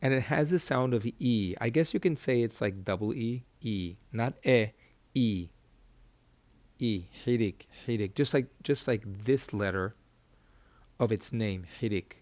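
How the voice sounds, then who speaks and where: Teaching Hebrew reading at a whiteboard, a man goes over key terms again and again and keeps checking students with questions. He speaks at a moderate pace in a slightly mellow, mid-pitched voice, and the recording is dry, with no echo.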